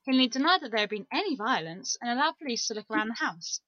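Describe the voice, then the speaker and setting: A woman's voice: on the high side, very animated, fast talker, bright, forceful tone, no room sound, highs cut off. A woman co-hosting a casual true crime podcast, chatty and giggly as she reads through case notes. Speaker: podcast co-host.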